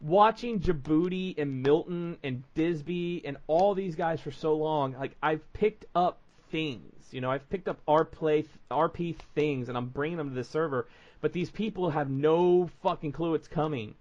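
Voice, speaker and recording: A man's voice: on the high side, moderate pace, darkish tone, muffled recording. A man hosting a podcast, telling stories in rambling casual chat full of fillers. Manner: rambling storytelling with many fillers. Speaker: podcast host.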